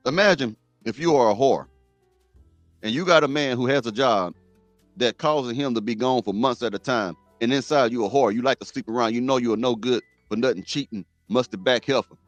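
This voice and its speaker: A middle-aged man talks straight at his audience in a blunt, preachy way, hammering his points home by repeating them. His voice sits at an ordinary pitch, and the sound is dry and close. Faint music runs underneath. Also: fairly quick, no echo, dull audio. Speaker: host. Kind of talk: reaction commentary.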